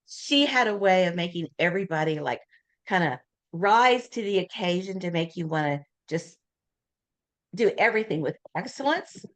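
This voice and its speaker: An older woman giving a casual talk as guest speaker, telling lively anecdotes and acting out the voices of people in her stories. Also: mid-range voice, normal speed.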